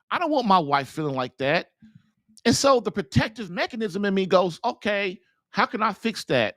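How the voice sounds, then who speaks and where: A man's voice: high voice, bright, forceful tone, no room sound. A man hosting a marriage show, giving an earnest, preachy talk to husbands, often repeating and restarting himself as he builds to emphatic urging. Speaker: podcast host and marriage coach. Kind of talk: preachy monologue to a call-in audience.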